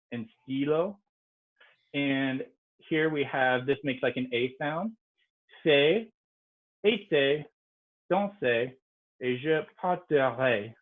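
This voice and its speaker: Casual man teaching French over a call. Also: medium pitch. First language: English. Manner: casual, explanatory, frequent ums. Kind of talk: online language lesson. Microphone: video call. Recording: tinny video-call audio.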